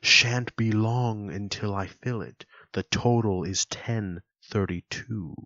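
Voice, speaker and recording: A man voicing a big, tough fast-food counter clerk who speaks in slow, grand, old-fashioned stage phrasing, recorded dull and dry. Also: lowish voice, pushed and bright, no echo, full character voice. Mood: mock-courtly. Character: big tough male burger counter clerk, mock-Shakespearean.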